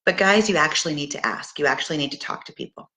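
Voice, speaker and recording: A woman's voice: low voice, fast, pushed and bright. A middle-aged Canadian woman leading a sales team, giving a casual motivational talk with upbeat coaching and many fillers and restarts. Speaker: direct sales team leader.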